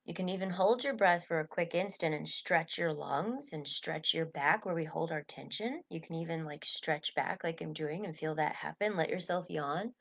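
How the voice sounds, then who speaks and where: A woman's voice: sits low, moderate pace, vocal fry, hardly any pauses, a bit bright. A middle-aged woman coaching a small group through relaxation. Her voice is soothing and encouraging, and it eases down whenever she guides a breath or a stretch. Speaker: coach leading a self-help group. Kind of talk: gentle guided coaching talk.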